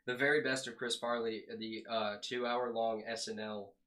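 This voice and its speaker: A man's voice: mid-range voice, little pitch movement, moderate pace, bright, forceful tone. A man co-hosting a casual podcast, rambling and stammering with swearing. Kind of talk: casual chat.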